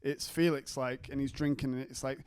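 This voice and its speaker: A man's voice: mid-range voice, steady tone, fairly quick, a little mellow, clear, resonant tone, dry recording. A man from Manchester co-hosting a film podcast, chatting casually and acting out quotes. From Manchester, England. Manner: chatty, acts out lines in quoted voices. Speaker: podcast co-host. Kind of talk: casual chat.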